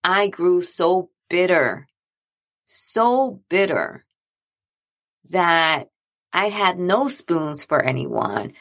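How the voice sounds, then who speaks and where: A woman's voice: on the low side, lively intonation, extremely slow, pauses often, a bit bright. A woman speaking earnestly in a reflective monologue, talking casually and repeating phrases for emphasis. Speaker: speaker on mental health and boundaries.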